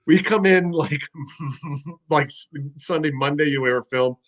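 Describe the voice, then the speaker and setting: A man, a former football player, telling stories in a casual podcast chat, animated and profane. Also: a little high, unhurried, poor audio.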